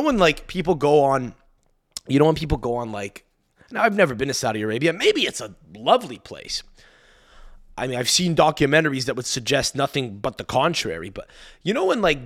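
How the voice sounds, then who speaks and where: A male podcast host talking solo in a loose, rambling monologue. He swears freely, trails off and restarts his sentences, and wanders into asides as he goes. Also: mid-range voice.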